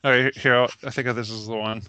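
A man's voice: medium pitch, steady tone, brisk, pushed and bright, clean tone, no echo. A man co-hosting a casual podcast chat about comics, often laughing as he reads quotes aloud. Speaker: podcast co-host reviewing comics.

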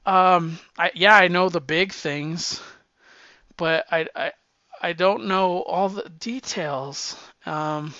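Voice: mid-range voice, slow pace, bright, forceful tone, no echo. A person in their fifties talking candidly in a rambling, profane monologue, with frequent restarts and sounding slightly winded. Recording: dull lo-fi sound.

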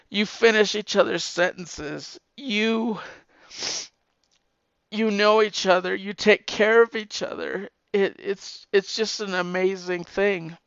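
A middle-aged man and podcaster giving a heartfelt, emotional message, halting and repeating his words, tearful at times. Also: high voice, vocal fry, sharp tone, smooth, no echo, dull audio.

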